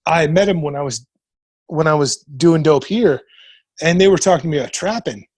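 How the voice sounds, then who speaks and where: A podcast guest of about forty from Nebraska, USA, tells stories casually at normal speed, swearing freely and acting out the voices of the people he quotes. His voice is husky, slightly breathy, and fairly high for a man, recorded dry and close with no room echo.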